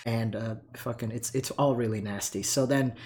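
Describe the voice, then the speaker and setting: Young man, mid-pitch, tells lore in a loose rambling way, swears a lot, breathless, voice still recovering. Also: steady tone, moderate pace, darkish tone. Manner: rambling, profane, lots of fillers. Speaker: lore explainer. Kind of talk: casual lore rundown.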